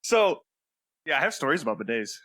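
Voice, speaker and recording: A man co-hosting a comedy podcast, talking excitably in a bright voice. His pitch swings widely as he gets worked up, and the sound is dry and close. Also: brisk, no room sound. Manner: animated, excitable, profane. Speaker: podcast co-host. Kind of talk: casual comedic podcast chat.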